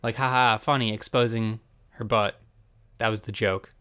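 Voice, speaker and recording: A man's voice: on the low side, fairly even intonation, bright, forceful tone, clean tone. Chatty wry man recapping a show. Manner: wry, chatty, jumps into quick quoted voices. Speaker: podcast host recapping a TV episode. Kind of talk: casual comedic recap.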